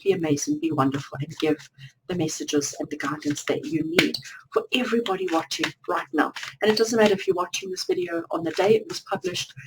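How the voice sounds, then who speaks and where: A woman's voice: medium pitch, vocal fry, background noise. A woman giving a spiritual tarot reading to viewers, repeating phrases in long chains. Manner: repetitive, lists phrases in chains. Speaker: tarot card reader.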